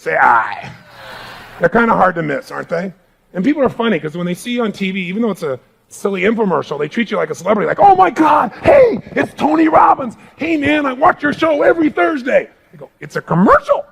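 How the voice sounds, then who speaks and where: Before a live crowd in a large room, a man with a high-sitting, fry-tinged voice gives an emphatic motivational talk. He calls out for responses from the audience.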